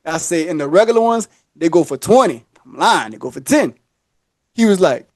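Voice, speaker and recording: Brisk and high-voiced, a male podcast host narrates a long story in casual conversation, recorded in studio quality without room sound. He stays animated throughout, doing the voices of people he quotes and laughing often.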